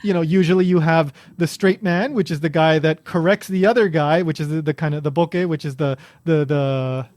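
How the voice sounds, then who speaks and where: A man's voice: fairly high pitch, steady tone, normal speed, hardly any pauses, darkish tone, no echo. A man hosting a podcast, chatting casually and explaining things with lots of restarts and fillers. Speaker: podcast host.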